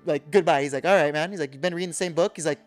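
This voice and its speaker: Man co-host, rapid-fire profane anime recap, music faint underneath. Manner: profane, acts out character lines in a low voice. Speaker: podcast co-host. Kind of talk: excited anime episode recap.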